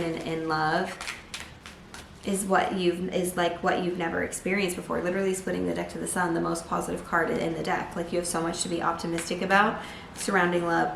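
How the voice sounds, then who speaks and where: A woman giving a casual tarot reading to camera, chatty and full of "like", breaking into excited bursts now and then. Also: fairly low pitch, creaky, background noise. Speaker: tarot reader. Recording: echoey room.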